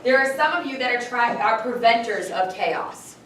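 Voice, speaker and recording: A woman directing a play rehearsal, talking animated and acting out the lines as she explains them, with lots of "like". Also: on the high side, normal speed, slight background noise. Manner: animated, acts out lines while explaining, many "like"s. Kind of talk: rehearsal coaching. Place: theater or school auditorium. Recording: echoey hall from far off with crowd.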